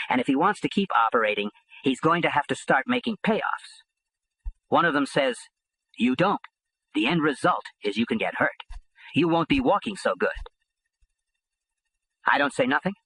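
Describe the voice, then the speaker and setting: A man's voice: on the high side, pushed and bright, slightly rough, dry recording, low-quality recording. A man reading an audiobook in first person, with a blunt, streetwise delivery. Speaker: audiobook narrator.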